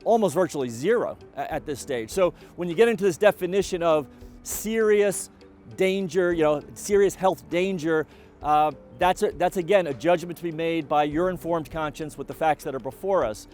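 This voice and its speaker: A middle-aged man giving a college president's video update, speaking in a measured, deliberate way with frequent fillers and restarts. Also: fairly high pitch, a little mellow, soft background music.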